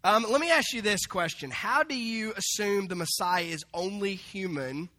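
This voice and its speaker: A man preaching a sermon, animated and humorous, acting out the people in the story. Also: high-pitched, normal speed. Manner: animated, acts out quoted voices with humor. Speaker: pastor.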